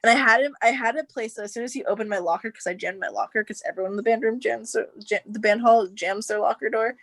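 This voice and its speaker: A young woman telling a long personal story on a podcast, animated and quick to act out what others said, with lots of filler words. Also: on the high side, dry recording. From United States. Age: young adult. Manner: animated storyteller, acts out quotes, says like a lot. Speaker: podcast guest. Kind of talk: casual storytelling chat.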